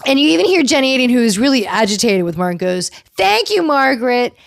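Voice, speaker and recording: A woman hosting a casual recap show, chatty and animated, acting out quotes from the people she talks about. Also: on the high side, rapid-fire, vocal fry, no echo, clean studio sound. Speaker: podcast host recapping reality TV.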